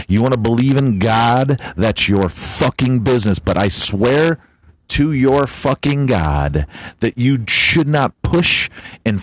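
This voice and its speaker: A man's voice: fairly low pitch, slight background noise. A man hosting a podcast, ranting bluntly and swearing constantly in a comedic tirade. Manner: foul-mouthed, blunt, ranting. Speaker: podcast host. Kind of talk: profane comedic rant.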